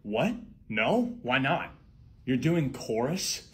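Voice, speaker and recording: Animated young man acting out comedy skits. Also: on the high side, takes it slowly. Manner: switches between sarcastic, shouting and soft-spoken characters. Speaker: comedy sketch creator. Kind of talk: one-man comedy sketches playing several characters.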